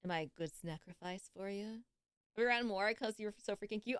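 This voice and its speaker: A woman's voice: mid-range voice, a little fast, smooth, no room sound, clean studio sound. A young woman on a live stream, chatting casually and giggling as she greets viewers and reacts to videos.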